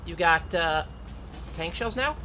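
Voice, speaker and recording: A streamer in casual gaming chat with friends, talking in a halting way full of fillers and restarts. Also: medium pitch, animated, pushed and bright, slight background noise. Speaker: streamer playing a factory-building game with friends.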